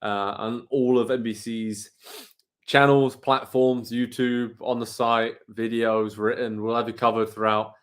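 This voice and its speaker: This co-host from England speaks at a measured pace in a medium-pitched, slightly bright, level tone. During the live watchalong show he keeps things chatty, narrating the action and sharing comments from viewers.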